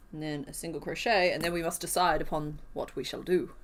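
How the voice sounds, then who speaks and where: A woman's voice: sits low, fairly even intonation, brisk, few pauses. Chatty woman crocheting on stream. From Western Australia. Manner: chatty, counts stitches half under her breath, laughs easily. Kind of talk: casual live-stream chat while crocheting.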